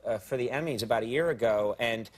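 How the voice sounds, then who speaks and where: A man's voice: mid-range voice, quick pace. A male talk-show host from America, interviewing a guest with stammering questions and jokey asides. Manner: jokey, stammering questions with bursts of silly voices.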